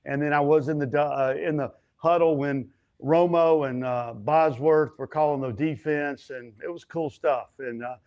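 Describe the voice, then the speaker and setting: An older man with a fairly high voice tells stories from movie sets as an interview guest. He talks loosely, with fillers and restarts, and acts out other people's lines when he quotes them. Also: steady tone, normal speed, hardly any pauses, darkish tone. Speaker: stuntman and actor, interview guest. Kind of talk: casual storytelling interview.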